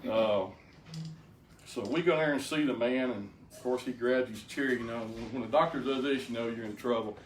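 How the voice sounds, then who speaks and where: A man's voice: mid-range voice, moderate pace. An older man giving a folksy personal testimony to a group, plainspoken and often stammering into restarts. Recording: roomy, distant mic, faint background noise.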